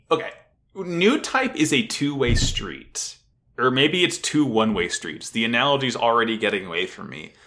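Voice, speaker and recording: Brief: male podcast co-host, lively swinging delivery, bright tone, profane and laughing. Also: medium pitch. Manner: animated, profane, laughs often. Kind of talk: casual anime recap chat.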